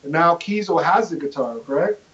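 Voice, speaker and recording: A fairly high-pitched man who rambles with enthusiasm, restarting his sentences as he tells a story. The recording sounds dull and lo-fi. He sounds like a fan who is excited to be there. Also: fairly quick. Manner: enthusiastic, rambling, self-correcting. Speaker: guest. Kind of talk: casual storytelling chat.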